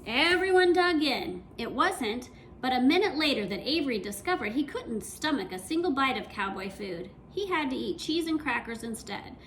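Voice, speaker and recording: Woman, high voice, very lively pitch, storybook read-aloud, faint background noise. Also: normal speed. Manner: expressive, animated reading. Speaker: reader. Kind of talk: reading a children's storybook aloud.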